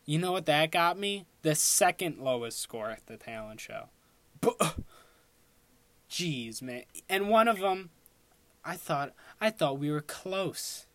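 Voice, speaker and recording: A man's voice: a little high, big pitch swings, takes it slowly, a bit bright, no room sound. A young man telling a rambling personal story in a casual way, laughing at himself and breaking off to correct his own track. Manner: rambling, self-interrupting, laughs at own stories.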